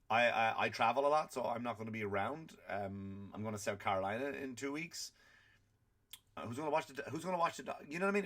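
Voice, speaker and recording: A man's voice: mid-range voice, a bit bright. A man hosting a comedy podcast, ranting in a profane, conversational way. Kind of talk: comedic rant.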